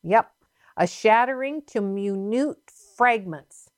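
Woman preacher, slightly high voice, fervent, emphatic, repetitive. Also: slow. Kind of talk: sermon teaching.

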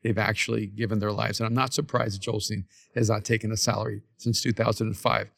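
A man's voice: fairly low pitch, flat delivery, fast talker, creaky, fairly bright tone, no room sound, studio quality. A man, a pastor, talking earnestly and reflectively in a casual podcast conversation, recorded in a church's main room. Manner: earnest, reflective, stammers on restarts.

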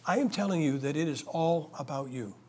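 A man's voice: on the high side, expressive, a little fast, darkish tone. A man preaching a sermon in a church, conversational and emphatic, with joking asides. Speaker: guest preacher.

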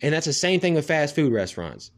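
A man's voice: fairly high pitch, very animated, a little fast. A man in a casual ranting monologue, swearing freely and rambling with lots of "like" fillers. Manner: profane, rambling, heavy "like" fillers.

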